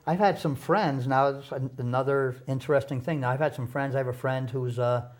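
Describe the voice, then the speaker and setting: A man, a guest on a TV interview show, telling a personal story in an earnest, halting way, often repeating words. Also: mid-range voice, fairly even intonation. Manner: earnest, passionate about recovery.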